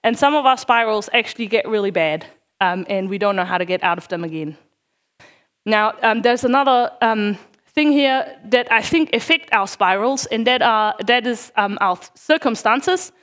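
A middle-aged woman talks through an informal sermon in a fairly high voice. She is chatty and self-deprecating, often pausing on little fillers as she tells stories from her own life. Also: animated, a bit bright. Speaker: parish worker giving a talk.

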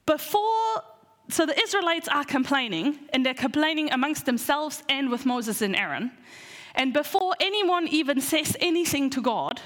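A woman giving a casual Bible talk to her church, chatty and animated, with lots of fillers and restarts. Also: sits high, long reverb tail. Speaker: preacher teaching a Bible lesson.

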